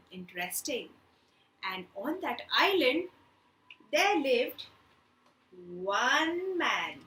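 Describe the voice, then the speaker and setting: A woman telling a children's story and leading a craft class, in an animated, playful way, putting on animal sounds. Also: high voice, a little hiss or hum. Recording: echoey room.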